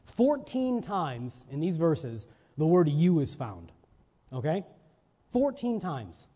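Male preacher, high mellow voice, sermon with emphatic rhetorical questions, long church-hall reverb, dull lo-fi recording. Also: very animated, takes it slowly. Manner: rhetorical questions and checks with listeners; emphatic, stressing single words.

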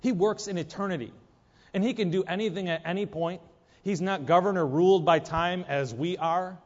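Emphatic male preacher in echoing hall. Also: normal speed. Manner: emphatic, acts out whiny prayers in a mocking high voice. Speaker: pastor. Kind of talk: sermon. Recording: dull lo-fi sound with long hall reverb.

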